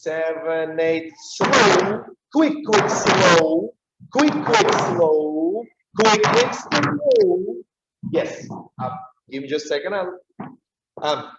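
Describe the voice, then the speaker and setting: A man's voice: on the high side, slight background noise. A man with a Russian accent teaching a dance class, calling out counts and rhythms urgently while he is losing his voice. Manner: calls counts and rhythms loudly, coaching with urgency. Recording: dull echoey room sound from a distance.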